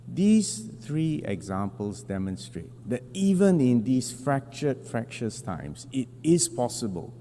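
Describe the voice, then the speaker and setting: A man delivering a formal prepared speech as a government delegate at a large assembly, measured and emphatic with deliberate pauses. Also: lowish voice, mellow, long reverb tail, slight background noise.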